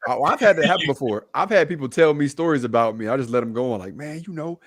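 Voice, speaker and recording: A man's voice: medium pitch, animated, fast, a crowd in the background. A man co-hosting a podcast, chiming in with joking, teasing asides in casual banter. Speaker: podcast co-host. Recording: loud background noise on the line.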